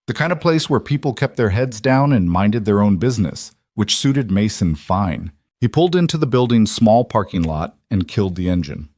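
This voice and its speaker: A man calmly reading a scripted drama story aloud as narrator. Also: on the low side, normal speed, few pauses, no echo, clean studio sound.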